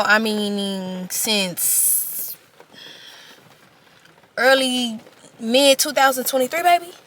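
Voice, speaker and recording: Young woman, chatty animated storyteller, tense bright voice. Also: medium pitch. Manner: chatty, animated, slangy retelling with quoted back-and-forth. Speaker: vlogger telling a storytime. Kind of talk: casual storytelling to camera.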